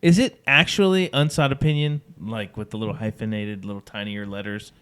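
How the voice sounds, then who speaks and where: A man's voice: fairly low pitch, fairly quick, fairly bright tone, smooth. A man co-hosting a casual podcast, making dry, wry jokes. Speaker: podcast co-host. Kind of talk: casual chat.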